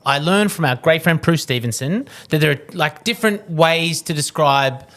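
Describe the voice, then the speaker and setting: A man co-hosting a podcast interview, asking careful, halting questions. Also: fairly high pitch, expressive, a bit bright. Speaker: podcast co-host.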